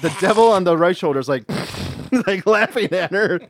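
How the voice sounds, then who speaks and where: A man's voice: high-pitched, animated, quick pace, a little hiss or hum. A man in his thirties, a podcast co-host telling a story in casual chat, rambling, profane and self-mocking.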